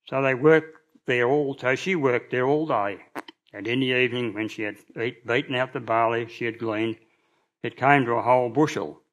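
A man's voice: mid-range voice, a bit bright. A man reading a Bible story aloud, with small stumbles and restarts and a slight change of voice for the people he quotes. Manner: plain reading with small restarts, mild voice shifts for quoted figures. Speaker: reader.

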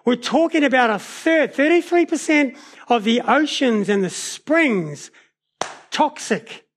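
A man preaches a sermon in a notably high voice. He tells stories in an animated way, shifting his pace and loudness as he goes. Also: slow pace. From New Zealand. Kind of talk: sermon with personal storytelling.

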